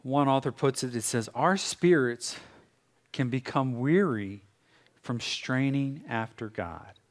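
A middle-aged American pastor preaching a sermon with dramatic pauses, now and then acting out voices. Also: male voice, medium pitch, expressive. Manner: dramatic pauses, acts out God's voice and a busy morning. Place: church sanctuary.

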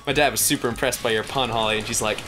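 A man's voice: mid-range voice, steady tone, racing. A young man co-hosting a gaming chat, telling rambling anecdotes and correcting himself as he goes. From Australia. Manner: rambling storyteller, self-correcting. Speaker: co-host. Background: game music.

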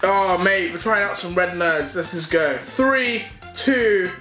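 Young british guy, high voice, unhurried but excitable, echoey room with music going. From United Kingdom. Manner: excitable, loud reactions. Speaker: YouTuber. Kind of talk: casual taste-test vlog.

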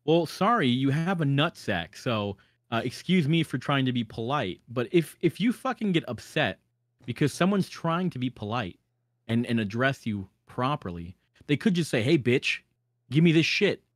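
A man's voice: medium pitch, very animated, moderate pace, no room sound, clean studio sound. A man hosting a casual podcast, talking emphatically, ranting and swearing a lot. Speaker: podcast host.

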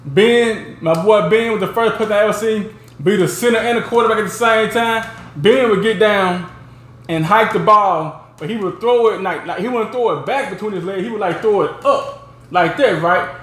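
Animated storytelling man, high voice. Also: normal speed, echoey room. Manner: rambling, animated, peppered with "you know what I'm saying". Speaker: show host. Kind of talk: casual storytelling.

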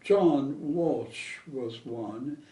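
An older man being interviewed, telling old memories in a halting way with many pauses and fillers. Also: mid-range voice, warm tone, distant mic. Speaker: interview guest. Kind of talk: reminiscing conversation. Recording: echoey room, voice off-mic.

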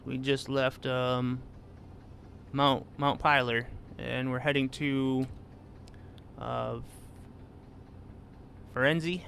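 A man's voice: mid-range voice, little pitch movement, takes it slowly, creaky, pauses often, fairly bright tone, a little hiss or hum. A man casually chatting with his viewers while he plays a truck-driving game, reading their messages and answering them by name. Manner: laid-back, reads chat aloud and answers viewers. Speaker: gaming streamer. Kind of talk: casual live-stream chat while driving.

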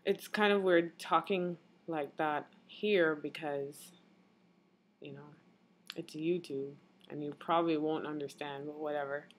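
A young woman talks through a casual video blog, reading questions aloud and answering in an easygoing, chatty way. Her voice sits somewhat low, and she takes her time with every phrase. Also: steady tone, a little slow, a little hiss or hum. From Jamaica. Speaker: vlogger.

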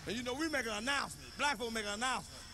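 A man doing loud, profane, animated stand-up comedy on stage, telling stories and shouting punchlines. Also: extremely high pitch, rapid-fire. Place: comedy stage before a live audience. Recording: live show recording with reverb and noise.

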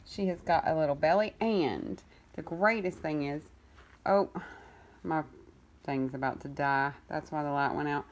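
Casual cat-rescue vlogger, woman, lower pitch, rambly and affectionate, a bit under the weather with a cough. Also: unhurried. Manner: chatty and rambling, many ums and restarts; coos affectionately at the kittens. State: getting over an illness, coughing. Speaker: cat rescuer and foster carer. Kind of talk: casual vlog update. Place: home with foster kittens.

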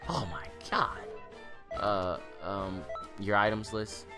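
A teenage boy hosting gameplay commentary, excitable, rambling and self-mocking. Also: on the low side, slow, faint music behind. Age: teens. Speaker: gaming channel host.

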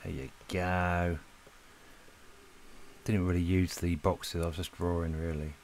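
Low-voiced guy chatting away while doodling, laid back, bit out of breath, faint hiss behind. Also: a little slow. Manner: relaxed, rambling, talks to viewers while drawing. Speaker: art channel host. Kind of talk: casual chat while drawing. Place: lives in Spain.

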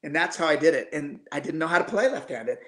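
A man in his fifties, a guest musician, telling animated anecdotes casually over a video call, with frequent restarts. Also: on the high side, fast talker. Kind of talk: casual storytelling. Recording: echoey room.

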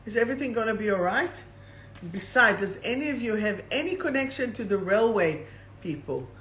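A woman hosting a live-streamed oracle card reading, reading each affirmation slowly and then repeating it. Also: a little high, expressive, a bit bright, a little hiss or hum. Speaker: host and card reader.

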